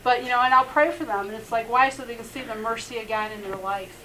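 Middle-aged lady rabbi telling her testimony, kinda high bright voice, laughs a lot, lots of you knows. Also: fairly even intonation, fast, poor audio. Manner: earnest, laughs often, many "you know" fillers. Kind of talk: personal testimony in a faith interview.

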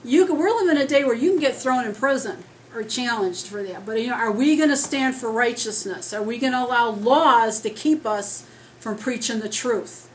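A woman preaching an earnest, rambling sermon as she starts losing her voice, talking loud without a microphone. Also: fairly high pitch, moderate pace, a little hiss or hum, rough recording. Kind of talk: conversational sermon. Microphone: speaking loud without a microphone.

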